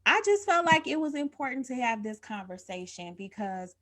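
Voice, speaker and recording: A woman's voice: fairly high pitch, big pitch swings, moderate pace, a bit bright. A woman co-hosting a live-streamed talk show, telling stories in a chatty, colloquial way and laughing often. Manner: informal, colloquial speech. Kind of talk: casual livestream chat.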